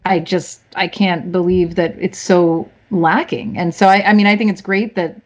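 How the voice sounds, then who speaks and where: A woman's voice: lowish voice, moderate pace. A woman, an actress, telling stories in a casual, chatty conversation and laughing often. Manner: chatty, laughing, animated storytelling. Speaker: actress guest.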